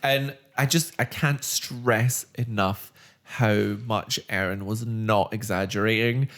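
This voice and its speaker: A man co-hosting a podcast, recapping a TV episode in casual, animated chat, swearing and laughing along. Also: fairly low pitch, slow pace. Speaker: podcast co-host.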